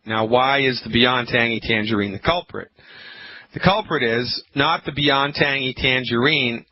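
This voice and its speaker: A man hosting a call-in health radio show, lecturing emphatically and repeating his points, with a frog in his throat that makes him keep clearing it. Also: mid-range voice. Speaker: radio talk show host. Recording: muffled radio broadcast with faint hiss.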